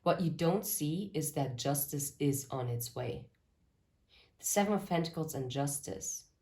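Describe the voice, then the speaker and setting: Deep, dark-toned and lively in intonation, a woman speaks at a measured pace while reading tarot to camera. She channels spirit messages for her viewers in earnest, breaking off now and then for rambling asides.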